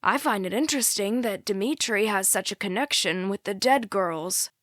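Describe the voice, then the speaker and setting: A woman's voice: mid-range voice, moderate pace, a bit bright, no echo, studio quality, close to an everyday voice. A woman voicing a middle-aged male small-town sheriff who speaks in a suspicious, insinuating way, in an audiobook.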